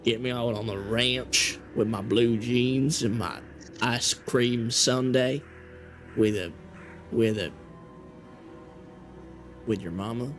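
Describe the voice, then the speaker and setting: A man putting on a boastful Texan cowboy voice, rambling along in a slow drawl. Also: mid-range voice, soft background music, voice pushed down, close to an everyday voice.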